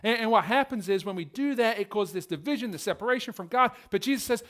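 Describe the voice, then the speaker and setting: A man's voice: sits high, quick pace. A male pastor preaching a sermon and telling stories, acting out the scenes as he goes. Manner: animated storytelling, acting out scenes.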